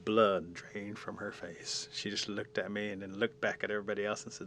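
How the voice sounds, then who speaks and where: Animated man telling a traditional story. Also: fairly low pitch, brisk, gravelly, hardly any pauses. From Cherokee Nation. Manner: animated, dramatic, acts out the scenes.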